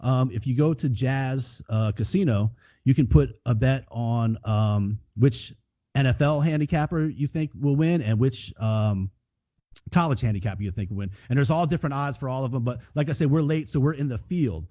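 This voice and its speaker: A man's voice: mid-range voice, moderate pace, mellow, no room sound. A man co-hosting a sports betting podcast, rambling and profane with many restarts. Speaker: podcast co-host. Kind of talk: casual sports betting chat. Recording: dull lo-fi podcast audio.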